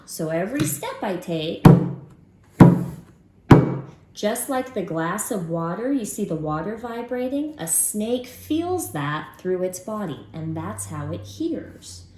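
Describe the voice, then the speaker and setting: A woman teaching a Sunday school lesson to children at home, in a lively, encouraging way. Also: mid-range voice, background noise. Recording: roomy room sound with faint ambience.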